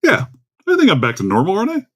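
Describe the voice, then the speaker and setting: A man's voice: high voice, huge pitch swings, fast, fairly bright tone. A man hosting a casual livestream from home into a desktop microphone, rambling and chatty as he greets viewers by name. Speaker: livestream host. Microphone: desktop USB microphone.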